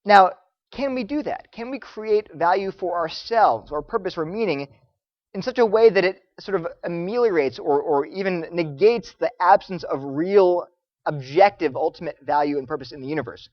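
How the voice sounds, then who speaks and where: A man lecturing students, telling stories in an animated way and acting out the voices of the people he quotes. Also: high voice, moderate pace, no room sound, muffled recording. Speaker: Christian apologetics speaker.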